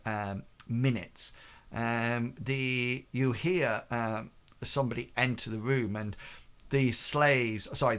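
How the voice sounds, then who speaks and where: A man runs a streamed tabletop game as its game master. His voice sits at an ordinary middle pitch. He describes each scene haltingly, full of ums and quick self-corrections. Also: fairly bright tone, clear, resonant tone.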